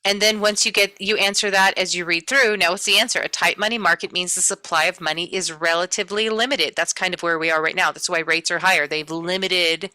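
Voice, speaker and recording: Bright, chatty woman instructor. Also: fairly low pitch, steady tone, a little fast, hardly any pauses, no room sound, low-quality recording. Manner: chatty, talks to students directly, acts out their reactions. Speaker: real estate exam instructor. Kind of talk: casual live class lecture.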